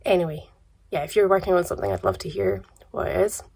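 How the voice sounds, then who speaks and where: A Scottish woman vlogging casually about yarn and advent calendars, her voice croaky from a cold, relaxed and chatty with soft trailing asides. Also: lowish voice, quick pace. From Scotland. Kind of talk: casual chat to camera.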